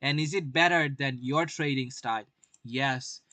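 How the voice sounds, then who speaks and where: A man's voice: mid-range voice, measured pace, sharp tone, no room sound. A young man doing live-stream market commentary, brash, swearing often and firing rhetorical questions at his viewers.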